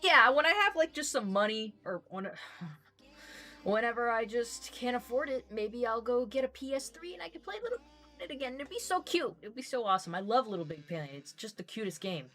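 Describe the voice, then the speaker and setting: A woman's voice: a little high, lively intonation, brisk, bright, forceful tone. A young adult woman streamer chatting casually, teasing her guests and reading viewer comments aloud. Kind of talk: casual chat on a crochet and gaming stream.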